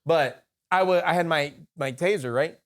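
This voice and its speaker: A man's voice: a little high, moderate pace. A man co-hosting a podcast, telling a story casually and with lots of swearing, acting out the dialogue. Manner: profane, animated anecdote with quoted dialogue. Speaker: podcast co-host.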